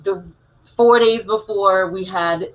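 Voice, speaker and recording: A woman's voice: mid-range voice, takes it slowly. A woman co-hosting a live online talk show, chatting casually, telling stories and reading viewer comments aloud. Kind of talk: casual live-stream chat. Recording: dull lo-fi live-stream audio.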